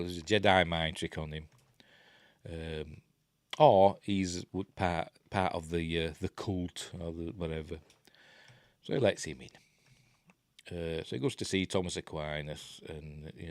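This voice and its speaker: A man's voice: low-pitched, dry recording, studio quality. A man with a Yorkshire accent giving a rambling, jokey running commentary while reviewing a film. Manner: rambling, chatty, jokey asides.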